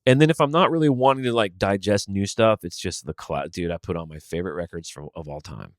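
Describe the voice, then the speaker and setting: A man's voice: low-pitched, quick pace, no echo. Laid-back man hosting a podcast, dry close sound. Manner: rambling, swears casually, thinks aloud. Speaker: podcast host. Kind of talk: casual solo podcast talk.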